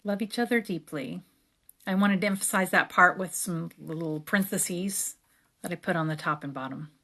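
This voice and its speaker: Chatty woman narrating a craft video. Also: fairly low pitch. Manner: relaxed, chatty, reads verses aloud slowly. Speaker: creator. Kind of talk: casual craft tutorial narration.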